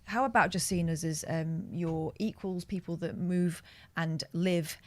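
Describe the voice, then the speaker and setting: A woman sits in as a guest on a talk show, making her points in a careful, earnest way. Her voice sits on the low side. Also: fairly even intonation, unhurried, a little mellow. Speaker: guest co-host. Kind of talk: chat show discussion.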